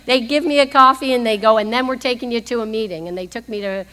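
A woman in her fifties speaks at a recovery meeting, telling a humorous personal story and laughing often. Her fairly high voice is bright and pushed, and she talks fast. The meeting hall adds long reverb.

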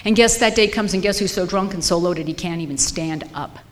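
A woman's voice: lowish voice, brisk, a little hiss or hum. A woman sharing her personal story at a recovery meeting, candid and emphatic, repeating phrases for weight. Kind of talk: personal testimony. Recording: reverberant hall with faint ambience.

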